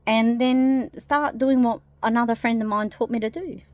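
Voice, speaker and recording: A woman talking casually to camera in a spiritual vlog, rambling softly with many fillers. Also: fairly high pitch, steady tone, moderate pace, no room sound. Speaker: spiritual vlogger.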